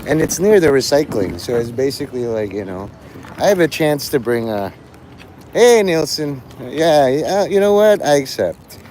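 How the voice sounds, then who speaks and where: A man's voice: medium pitch, sing-song, normal speed, a little mellow, slight background noise, rough recording. A man live-streaming outdoors outside a convenience store, rambling offhand and chatting provocatively with viewers.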